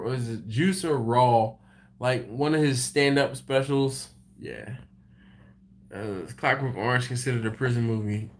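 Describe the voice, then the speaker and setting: A man hosting a livestream, chatting casually with viewers and telling movie stories. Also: medium pitch. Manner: laughing, animated storytelling. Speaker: BBQ channel host on a livestream. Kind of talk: casual chat reading viewer comments.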